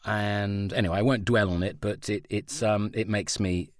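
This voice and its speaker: A man's voice: on the low side, normal speed, no room sound, clean studio sound. An English man in his fifties, a voice actor talking candidly and wryly in an interview. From England. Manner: outspoken, wry, animated storyteller. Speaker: voice actor guest.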